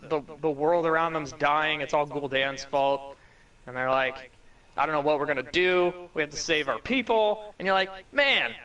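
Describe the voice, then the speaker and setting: A young man co-hosting a podcast, talking in excited, profane run-on bursts full of "like" and restarts. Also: a little high, rough recording. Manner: animated, profane, talks in run-on bursts with lots of "like". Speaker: podcast co-host. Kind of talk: casual chat.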